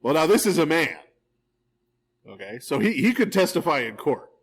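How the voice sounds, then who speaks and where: A man, a priest, leading a live verse-by-verse Bible study in a church, reading scripture and retelling it in a casual, lively way with frequent "right?" asides. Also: on the high side, moderate pace, husky, rough recording. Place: church hall, recorded live.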